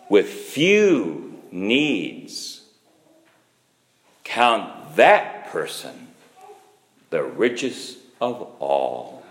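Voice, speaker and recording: A man preaching a sermon, slow and emphatic, with sudden rises and drops in pitch and loudness. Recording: echoey hall.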